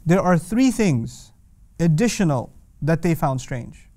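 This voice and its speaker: A man lecturing on the language of scripture, emphatic and animated, asking rhetorical questions and quoting Arabic verses. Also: fairly high pitch, takes it slowly, no echo. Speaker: Quran teacher.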